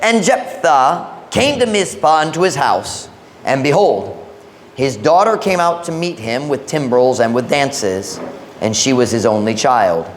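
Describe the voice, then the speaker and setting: A male pastor reading scripture, praying and preaching a sermon in a church, switching between English and Visayan with slow, emphatic phrasing. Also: medium pitch, expressive, a little hiss or hum. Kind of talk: sermon, Bible reading and prayer.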